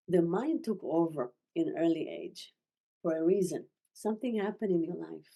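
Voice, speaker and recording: A woman teaching a masterclass, speaking gently with halting, non-native phrasing and frequent restarts. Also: deep voice. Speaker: spiritual teacher. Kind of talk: masterclass talk.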